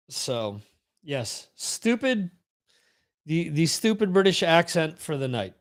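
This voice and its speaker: This podcast host speaks slowly in a slightly high, sing-song voice. During his live stream he talks casually, wanders off on tangents, repeats himself, and reads the chat out loud.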